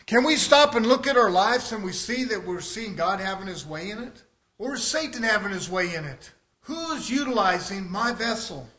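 An older man preaching a sermon, swinging between shouted questions and quiet asides. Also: high-pitched.

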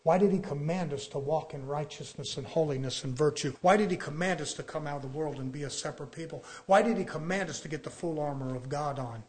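A middle-aged man preaching an impassioned sermon, firing off rhetorical questions and breaking into sudden loud bursts. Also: on the high side, quick pace, hardly any pauses. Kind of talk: fiery sermon.

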